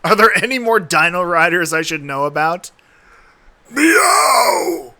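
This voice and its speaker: A man's voice: a little high, brisk, bright, forceful tone. A man streaming a cartoon watch-along, laughing and swearing as he reacts. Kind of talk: live watch-along commentary. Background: cartoon soundtrack.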